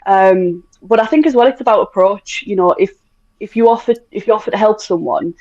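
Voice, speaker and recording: A woman's voice: mid-range voice, fairly quick, a little mellow, dry recording. A British woman chatting bluntly as a podcast guest, swearing freely and laughing often. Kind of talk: casual podcast chat. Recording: dull, muffled audio.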